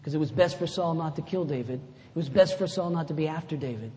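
A pastor giving a sermon in a conversational way, rising to loud emphatic lines and dropping to soft, low asides. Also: male voice, fast, slight background noise. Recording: echoey hall with faint ambience.

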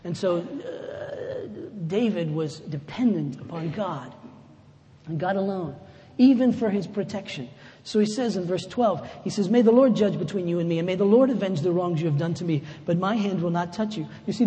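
A pastor giving a sermon in a conversational way, rising to loud emphatic lines and dropping to soft, low asides. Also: male voice. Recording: echoey hall with faint ambience.

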